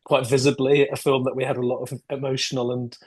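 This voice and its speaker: A man chats as a podcast guest over a video call, thinking aloud with hesitant restarts and the odd throat clear. His voice sits at a middle pitch for a man. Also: level tone, quick pace. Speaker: guest filmmaker and actor. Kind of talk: casual interview chat.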